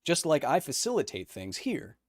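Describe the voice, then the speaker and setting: Animated, jokey male stream host. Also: on the high side, moderate pace, no echo. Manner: animated and jokey, with many ums and playful outbursts. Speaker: podcast host answering live chat. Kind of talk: casual live-stream chat.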